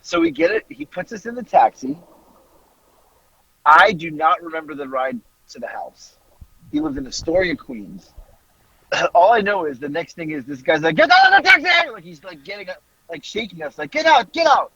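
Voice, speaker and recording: Lively husky man telling a wild story. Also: on the high side, moderate pace, dull audio. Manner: animated, laughing, swearing freely. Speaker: podcast host. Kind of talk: casual storytelling.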